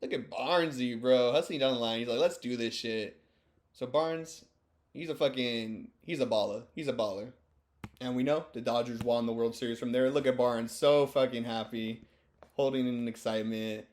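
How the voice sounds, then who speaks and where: A man's voice: medium pitch, moderate pace, darkish tone. A stoned man giving rambling, joking, profane commentary over sports clips. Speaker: video host.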